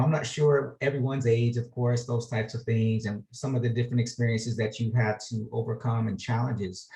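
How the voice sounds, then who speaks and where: Guy with a gravelly voice announcing an award on a video call, lots of uhs. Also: mid-range voice, darkish tone, poor audio. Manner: measured, hesitant fillers. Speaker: awards ceremony presenter. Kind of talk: online awards ceremony presenting.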